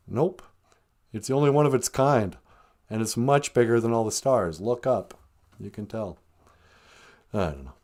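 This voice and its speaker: A man's voice: on the low side, a little mellow. A man delivering a rambling, mock-serious comic rant, trailing off with chuckles. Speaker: comedic vlogger.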